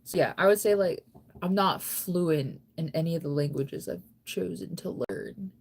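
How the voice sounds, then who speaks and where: Sleepy girl rambling on a late night stream, kinda low voice, says like a lot. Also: normal speed, creaky, a little hiss or hum. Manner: relaxed, rambling, heavy use of "like". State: sleepy, yawning. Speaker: livestreamer.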